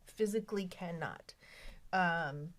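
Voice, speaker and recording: Low-voiced woman hosting a casual chat. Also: takes it slowly, a little hiss or hum. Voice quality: animated, mimics voices when quoting others. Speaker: podcast host. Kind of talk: casual book club chat.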